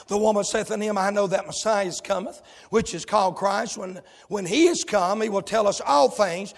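A man preaching a fiery sermon, shouting and calling out to the congregation. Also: high voice, moderate pace, creaky, few pauses, in a large hall.

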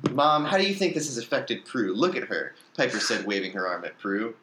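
A man's voice: lively intonation, fairly quick, sharp tone, reverberant, slight background noise. A man reading a story aloud, lifting his voice for the characters' lines and now and then stumbling and restarting. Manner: reads character lines with raised pitch and emphasis, occasional slips and restarts. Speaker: reader of fan fiction.

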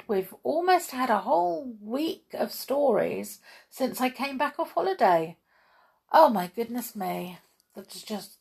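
A woman reading a children's story aloud in a gentle, chatty way, asking the listener questions. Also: a little high, gravelly, husky.

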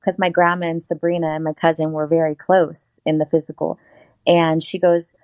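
A woman's voice: deep voice, little pitch movement, moderate pace, a little mellow, dry recording. A woman guest telling a personal story in casual interview talk, acting out the voices she quotes.

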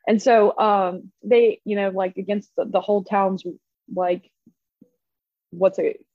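Woman telling a story, animated and profane. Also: medium pitch, slow pace, no room sound, phone-quality sound. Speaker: podcast co-host. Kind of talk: casual storytelling chat.

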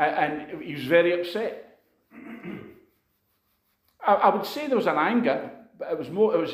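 A man preaching a sermon, telling a personal story in an earnest, conversational way full of asides. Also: high voice. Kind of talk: sermon testimony. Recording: echoey room.

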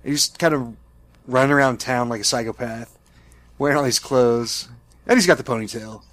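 A man co-hosting a podcast chats casually about a movie, laughing often in this review conversation. His medium-pitched voice is a bit bright, at normal speed, with no room sound.

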